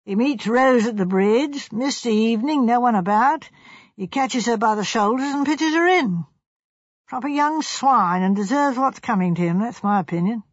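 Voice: mid-range voice, lively intonation, normal speed, dry recording, dull audio, close to an everyday voice. A reader voicing a blunt, matter-of-fact village police inspector in an audiobook. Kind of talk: audiobook character voice.

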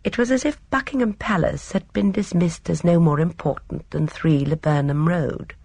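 Gravelly-voiced woman narrating a novel. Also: lowish voice, a little mellow, no room sound. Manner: measured storytelling. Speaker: audiobook narrator. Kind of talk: scripted narration.

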